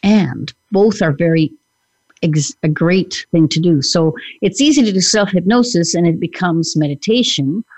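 A woman's voice: on the low side, normal speed, a little mellow, breathy edge, dry recording. A woman hypnotherapist co-hosting a podcast, talking earnestly about her work with clients in casual chat. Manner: earnest, speaks from client experience.

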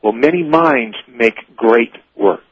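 Husky earnest man on talk radio. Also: mid-range voice, expressive, takes it slowly. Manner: earnest, teaching in numbered points. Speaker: leadership speaker guest. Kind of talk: radio talk show monologue. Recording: muffled dry radio broadcast audio.

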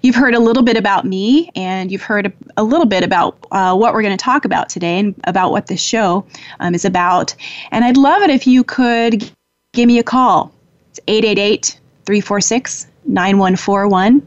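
A woman hosting a spiritual call-in show as an angel communicator, talking in an affectionate, gentle way with soft fillers and pauses. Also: medium pitch, dry recording, dull audio. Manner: warm, affectionate, laughs often, pauses with fillers. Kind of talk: spiritual talk show monologue.

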